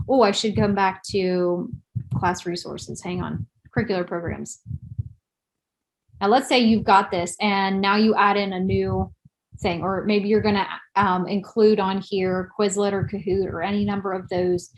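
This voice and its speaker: A woman's voice: medium pitch, low-quality recording. Chatty woman presenting a webinar. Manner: chatty, self-deprecating, thinks aloud while clicking. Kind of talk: live screen-share webinar tutorial.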